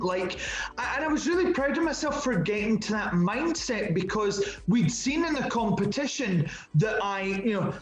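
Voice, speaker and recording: A man's voice: high voice, echoey room, poor audio. A man with a Scottish accent, chatting animatedly as an interview guest and often restarting his words. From Scotland. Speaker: interview guest, drag performer. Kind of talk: casual interview chat.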